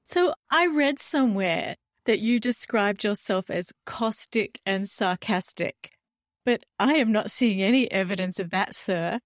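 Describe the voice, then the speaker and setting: A woman's voice: medium pitch, animated, unhurried, no room sound, studio quality. A woman interviewer asking questions in a polite, lightly teasing way.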